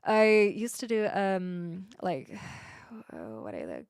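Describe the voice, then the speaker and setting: Streamer: woman from New Zealand, smooth lively voice, chatty with frequent restarts, close dry mic. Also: on the low side, slow pace, no room sound. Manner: chatty, restarts words often. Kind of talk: casual chat answering viewers.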